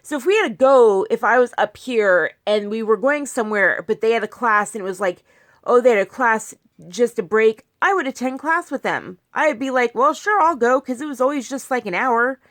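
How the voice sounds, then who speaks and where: A young woman in pain vlogs casually into her phone, rambling with lots of restarts and side comments. Her voice is a little high and moves at a normal speed, with no room sound.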